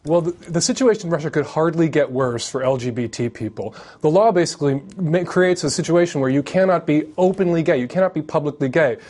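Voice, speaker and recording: A man's voice: on the high side, lively intonation, fast, hardly any pauses, darkish tone. A man appearing as a guest on a TV interview, arguing his case assertively and cutting in to disagree. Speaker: columnist and activist guest.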